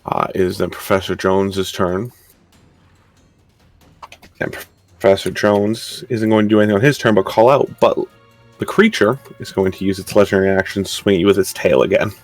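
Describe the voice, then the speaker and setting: A man narrating a tabletop game as game master, describing combat in a calm, measured way. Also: deep voice, soft background music.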